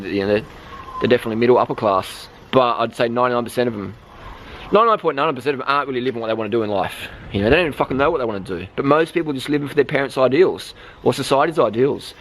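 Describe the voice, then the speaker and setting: Australian man, profane motivational rant, rapid-fire talk, driving vlog, faint road noise. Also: medium pitch, animated, rough recording. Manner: blunt, sweary, emphatic. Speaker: vlogger. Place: outdoors, driving a vehicle.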